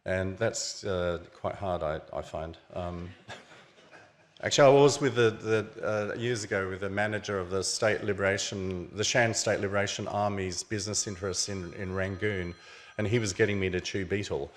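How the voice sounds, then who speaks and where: Guy with a lowish voice doing a laid back slide talk at a book launch, explaining stuff as he goes. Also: fairly even intonation, normal speed. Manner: casual, explanatory, pointing out objects on slides. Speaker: author presenting his book. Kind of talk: illustrated lecture at a book launch. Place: museum event venue.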